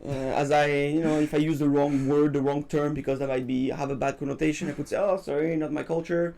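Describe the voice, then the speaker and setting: A man's voice: a little high, little pitch movement, quick pace, gravelly, mellow. A man from France with a French accent, co-hosting a casual podcast chat in English and thinking aloud with many restarts. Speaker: podcast co-host.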